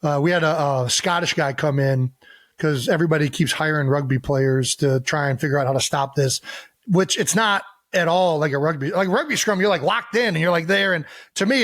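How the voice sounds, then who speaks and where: A man's voice: fairly high pitch, fairly bright tone. A man co-hosting a podcast in casual chat, rambling, with many fillers and restarts. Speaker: podcast co-host.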